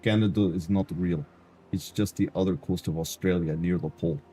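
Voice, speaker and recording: A man's voice: deep voice, brisk, breathy edge, pitched below the performer's own voice. Ashmakos, a man putting on a bad Eastern European negotiator. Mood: mock-serious. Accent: put-on bad Eastern European. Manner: broken grammar, dropped articles, deadpan boasts. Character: boastful male D&D negotiator with a broken speech style. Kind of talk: live-stream role-play voice.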